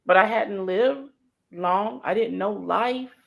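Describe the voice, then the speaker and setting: A middle-aged woman, a motivational speaker guest in an interview, telling an emotional story, swinging from soft to shouting. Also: mid-range voice, slow, vocal fry, low-quality recording.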